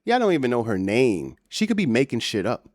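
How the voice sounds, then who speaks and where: A man's voice: mid-range voice, wildly swooping pitch, a little fast, a little mellow, no echo, studio quality. A man hosting a reaction video, giving blunt, scornful and profane commentary.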